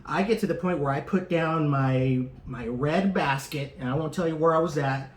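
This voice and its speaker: Brief: swearing male podcast co-host, higher voice, animated retelling, echoey room. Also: moderate pace, slight background noise. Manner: profane, animated, acts out the people in his story. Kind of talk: casual storytelling. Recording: roomy echo.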